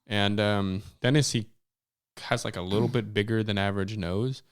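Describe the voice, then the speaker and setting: A man's voice: fairly low pitch, steady tone, normal speed, smooth, dry recording, clean studio sound. A man hosting a podcast, chatting with blunt, teasing banter. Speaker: podcast host. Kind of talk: casual chat.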